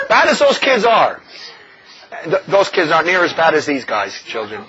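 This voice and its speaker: A man preaching a sermon in an animated, mocking way, often laughing as he talks. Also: sits high, fairly quick, a crowd in the background. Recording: dull lo-fi recording with faint noise.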